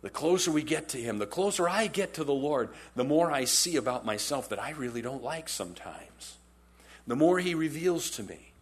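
A man preaching a sermon in a conversational, animated storytelling way, often repeating phrases for emphasis. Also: a little high, normal speed, husky. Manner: animated storytelling, acts out quotes in character. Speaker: pastor.

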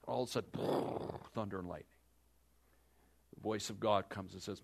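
A man preaching a sermon, telling the story dramatically with joking asides to the congregation, swinging between loud and hushed. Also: lowish voice, fairly even intonation, fairly quick, vocal fry. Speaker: pastor.

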